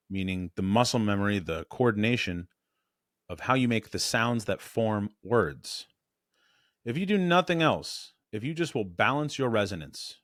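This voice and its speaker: A man coaching on voice and presence in a blunt, animated, casual way, correcting himself as he goes. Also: on the low side, no echo, clean studio sound.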